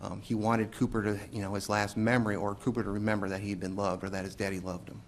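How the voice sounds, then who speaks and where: Gravelly low-voiced man testifying. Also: little pitch movement, slight background noise. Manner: measured, with frequent hesitant "um"s. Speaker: police investigator testifying as a witness. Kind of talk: courtroom testimony.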